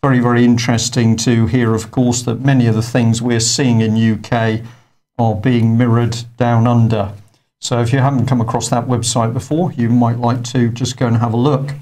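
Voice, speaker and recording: A man's voice: medium pitch, level tone, normal speed, darkish tone. A male presenter giving unscripted studio news commentary, talking conversationally with frequent hesitations.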